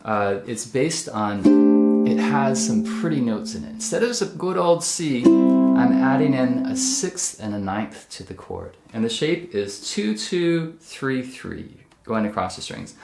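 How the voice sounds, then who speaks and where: A man's voice: medium pitch, lively intonation, moderate pace, a little mellow, reverberant, faint music behind. A man teaching jazz ukulele, patiently explaining each step while he plays. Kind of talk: instructional demonstration. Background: ukulele playing.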